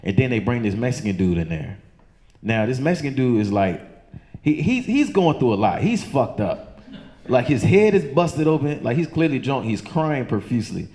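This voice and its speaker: Profane stand-up comic. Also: male voice, big pitch swings, moderate pace, darkish tone. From Chesterfield County, Virginia. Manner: loose, profane, acts out voices with high squeaky outbursts. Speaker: stand-up comedian. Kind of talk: stand-up storytelling. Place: comedy club stage.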